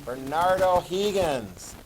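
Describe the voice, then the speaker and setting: A man teaching a history class, animated, asking his students questions and answering them himself. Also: a little high, takes it slowly, background noise. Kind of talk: classroom lecture.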